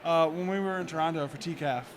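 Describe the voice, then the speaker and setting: A man's voice: a little high, fast. A man hosting a podcast, chatting and teasing his guests with laughing banter. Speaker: podcast host. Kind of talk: casual chat. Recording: noisy convention hall.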